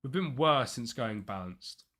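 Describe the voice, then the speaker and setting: Young male streamer, bright animated voice, thinks aloud, casual live play-by-play. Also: mid-range voice, unhurried. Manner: chatty, mutters and thinks aloud, excited bursts at chances. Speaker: streamer playing a football management game. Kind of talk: live gameplay commentary.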